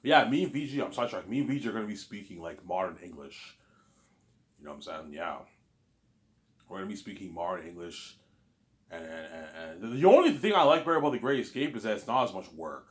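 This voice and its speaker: Guy rambling on in a casual vlog, kinda low voice, keeps repeating himself and going off track. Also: lively intonation, quick pace. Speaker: YouTuber.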